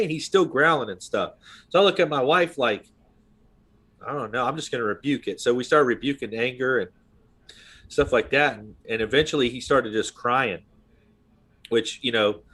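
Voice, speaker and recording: Man, thirties, casual podcast chat, rambling, filler-heavy, mid-pitched voice. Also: normal speed, fairly bright tone, slightly rough. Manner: rambling storyteller, full of "you know what I mean". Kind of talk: casual conversation.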